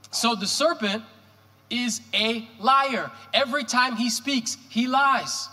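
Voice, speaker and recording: A male pastor preaching a sermon in a church, animated and joking, firing off rhetorical questions. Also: extremely high pitch, takes it slowly. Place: church sanctuary. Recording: reverberant church hall.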